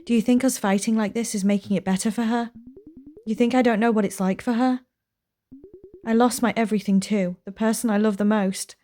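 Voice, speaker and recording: A woman's voice: fairly high pitch, fairly even intonation, fairly quick, mellow, lightly acted. A woman voicing a young single mother, pleading and defensive, as she reads game dialogue aloud. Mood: strained.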